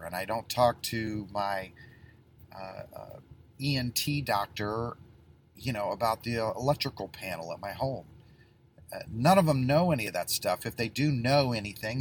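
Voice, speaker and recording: Middle-aged male plumbing business owner, low-pitched, folksy and rambling, faint room ambience behind. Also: a little hiss or hum. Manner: folksy, rambling with many fillers and restarts. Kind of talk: casual advice talk.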